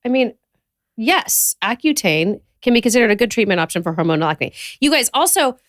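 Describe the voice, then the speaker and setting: A woman co-hosting a casual chat podcast, laughing often and reading facts aloud with quick energy. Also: a little high, big pitch swings, dry recording, clean studio sound. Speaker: podcast co-host.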